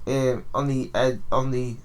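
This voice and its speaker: Brief: young Welsh-born male co-host, mid-pitch, rambling and sweary. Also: steady tone, a little slow. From Wales. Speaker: podcast co-host. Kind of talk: casual chat, storytelling.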